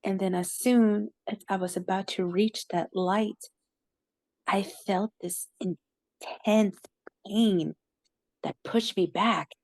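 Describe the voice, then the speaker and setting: A woman telling a personal story in a halting way, with many "like" fillers and moments where she loses her words. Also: mid-range voice, fairly even intonation, a little mellow, dry recording. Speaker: interviewee recounting a near-death experience.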